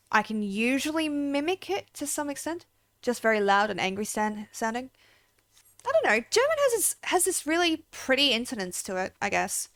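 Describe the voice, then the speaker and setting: A woman's voice: fairly high pitch, a bit bright, dry recording. Chatty young woman streamer. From Australia. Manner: chatty, giggly, rambling with restarts. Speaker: game streamer. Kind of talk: casual livestream chat.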